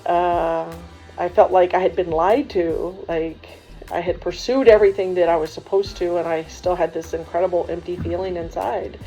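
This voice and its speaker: A woman's voice: on the low side, normal speed, breathy edge. A woman who was once a coach, now a religious sister, telling a humorous story to students. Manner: lively, humorous, laughs while telling, voices others in dialogue. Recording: dull muffled sound with faint music.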